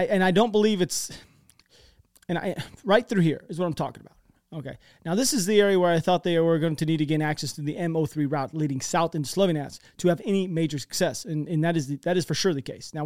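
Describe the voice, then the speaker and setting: A man with an American accent talks through war maps in a loose, conversational way, often backing up and restarting his sentences. His voice sits a little high, and the sound is dry and close. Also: a little mellow, no room sound. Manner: rambling, chatty, many restarts. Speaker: war-map commentator. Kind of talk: casual commentary over maps.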